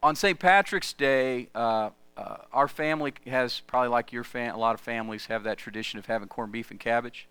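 A middle-aged man delivers a sermon in a chatty, storytelling way. His voice is bright and smooth, recorded close and dry with no room sound. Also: mid-range voice, fairly quick, hardly any pauses, no room sound. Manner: conversational, lively storytelling. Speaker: pastor. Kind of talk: sermon with personal stories.

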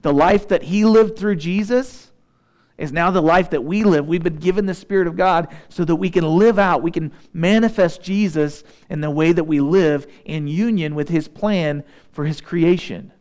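A man delivers a sermon in a somewhat high voice. He reads scripture at a slow, measured pace. Between readings he drops into easygoing, conversational remarks to his listeners. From Southeast Missouri. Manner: reads scripture slowly and deliberately, then shifts into relaxed conversational asides. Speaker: pastor.

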